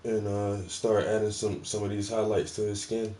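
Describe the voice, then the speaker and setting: A man's voice: lowish voice, completely flat delivery, moderate pace, warm tone. A man hosting a painting stream, chatting casually and cursing while he paints. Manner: laid-back, profane muttering. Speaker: painting host.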